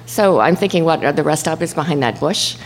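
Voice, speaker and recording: On stage before an audience, a woman tells a true story at a slightly fast pace, with slight noise in the background. She's animated, acting out voices and shouts, and swings from low murmurs to high cries.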